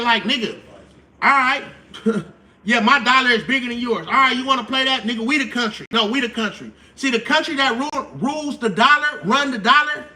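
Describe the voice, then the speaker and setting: Man with a really high, sharp voice going off on a stream, cussing, repeats himself a lot, mic kinda far off. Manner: slangy, profane, repeats his points. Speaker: channel host. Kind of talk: casual livestream commentary.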